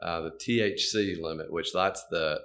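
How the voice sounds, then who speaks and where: A middle-aged man with a very deep voice explains financial matters as a podcast guest. His delivery is measured and explanatory, steady as he works through each point. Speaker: guest expert on banking.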